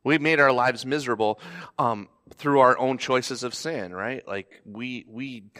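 A man, a pastor, preaching a sermon in a conversational way, now and then acting out pleading voices in a sharply raised pitch. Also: a little slow, bright, forceful tone.

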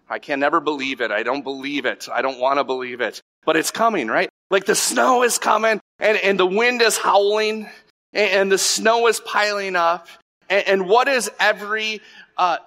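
A middle-aged man preaching a sermon, telling stories in an animated way with many restarts and asides to the congregation. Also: on the high side. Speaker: pastor.

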